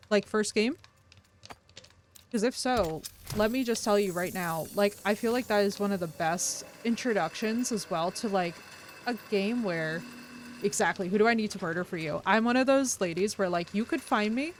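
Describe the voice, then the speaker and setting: A woman streamer chatting casually with her viewers, effusive, unfiltered and animated. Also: medium pitch, slight background noise.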